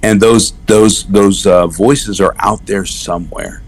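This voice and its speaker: Deep-voiced man in easygoing interview. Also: soft background music. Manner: animated storyteller, slips into quick character voices. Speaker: voice actor guest. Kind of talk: casual interview chat.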